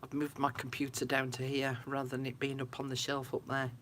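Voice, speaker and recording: A woman's voice: rumbling low, monotone, brisk, fairly bright tone, a little hiss or hum. A woman chatting casually to viewers on a craft livestream from her room at home. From United Kingdom. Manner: chatty, talks to viewers, frequent laughs.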